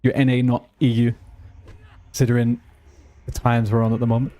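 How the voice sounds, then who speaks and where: A young man from the UK talks in a British accent to his live chat between moves in a game. He banters and jokes, drifts off topic easily, and keeps his voice at an ordinary middle pitch. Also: completely flat delivery, fairly quick, warm tone. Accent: British English. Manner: chatty, easily distracted, playful banter. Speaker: streamer. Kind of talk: casual chat with live chat while gaming.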